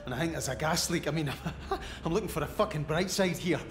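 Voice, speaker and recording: A man plays a worn-out Scottish rig worker who swears through his dread. He has a higher voice and a dry, sarcastic edge. Steady background noise sits under the game dialogue. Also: brisk, lightly acted. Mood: grim. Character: weary male rig worker, swearing, grim humor. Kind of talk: video game voice acting.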